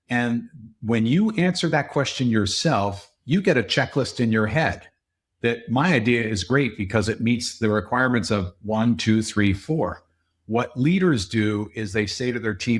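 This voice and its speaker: A middle-aged man who is a guest on a podcast interview, explaining his ideas and often acting out quoted dialogue in a higher voice. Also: unhurried. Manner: explanatory, acts out quoted dialogue with raised pitch. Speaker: podcast guest, leadership consultant. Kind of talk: conversational interview.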